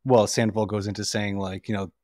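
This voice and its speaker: A man with a low speaking voice joins the podcast as a guest co-host. His voice is dry and close to the mic. He talks things through in a calm, measured way and often says "you know". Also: no room sound. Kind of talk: casual reality-TV recap chat.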